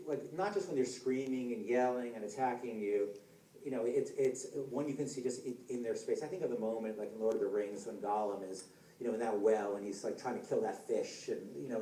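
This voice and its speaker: Guy giving a talk on stage, chatty and loose, mellow voice, echoey hall from far off. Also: medium pitch, a little fast. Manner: casual, conversational, many fillers and restarts. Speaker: game designer giving a conference talk. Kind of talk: conference talk. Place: large lecture hall. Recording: echoey hall, heard from a distance.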